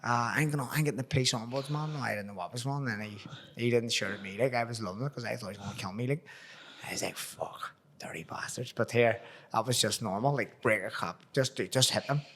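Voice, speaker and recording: A man's voice: mid-range voice, quick pace, fairly bright tone. A man with a Belfast accent hosting a podcast, telling profane stories in casual chat and acting out the voices in them. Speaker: podcast host.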